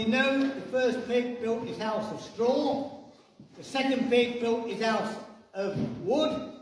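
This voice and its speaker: A male priest telling a story in a playful, jokey, stop-start way during a church service. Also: very high voice. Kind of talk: comic storytelling sermon. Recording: echoey church from far off, noisy.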